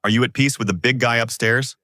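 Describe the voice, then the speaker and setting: A man voicing a friendly male family doctor who sounds warm and curious. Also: mid-range voice, steady tone, fairly quick, dry recording, clean studio sound, natural voice.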